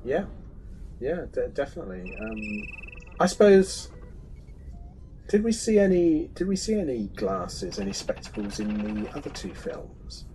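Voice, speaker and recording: A man's voice: medium pitch, big pitch swings, a little slow, dark tone, a little hiss or hum, poor audio. A man co-hosting a casual film podcast, chatty and hesitant, often restarting his sentences. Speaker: podcast co-host.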